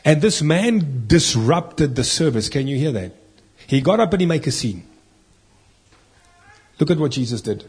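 Husky preacher. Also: male voice, fairly high pitch, very animated, a little slow, pauses often, a little mellow. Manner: earnest, emphatic preaching with rhetorical questions. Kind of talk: sermon with scripture reading.

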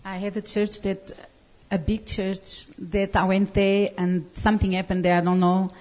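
A woman telling her own story in plain, halting words, as a guest giving testimony. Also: mid-range voice, little pitch movement, darkish tone. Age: adult.

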